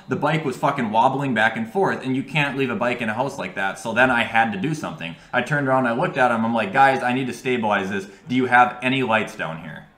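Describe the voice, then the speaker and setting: Bright-voiced young man telling a wild story. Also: mid-range voice. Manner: animated, profane storytelling. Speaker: gaming vlogger. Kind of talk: storytime while playing a game. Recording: echoey room.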